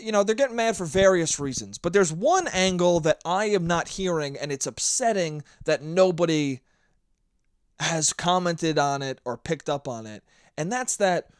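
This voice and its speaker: A man's voice: fairly high pitch, lively intonation, moderate pace, dry recording, studio quality. A young man hosting a solo podcast, ranting sarcastically and swearing a lot while acting out mocking voices. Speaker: podcast host. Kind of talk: solo comedic rant.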